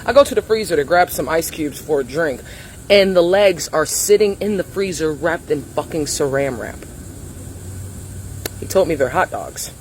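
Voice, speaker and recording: A man's voice: fairly high pitch, lively intonation, normal speed, a little hiss or hum, rough recording. A man, a parent, telling a story dryly and stammering a little. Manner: dry, stammers when unsure. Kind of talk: casual storytelling.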